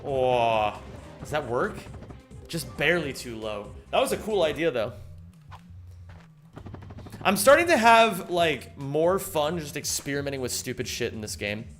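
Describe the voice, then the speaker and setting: A man's voice: medium pitch, lively intonation, normal speed, faint music behind. A young man live-streaming a game, chatting casually, thanking viewers and swearing freely as he rambles. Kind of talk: casual live-stream chat while gaming.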